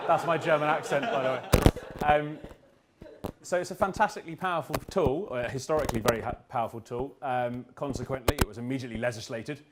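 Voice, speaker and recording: A man from the UK giving a humorous business presentation to an audience in an event room, with quick jokes and restarts. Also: medium pitch, slight background noise. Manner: joking, quick asides, restarts. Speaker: speaker at a business talk.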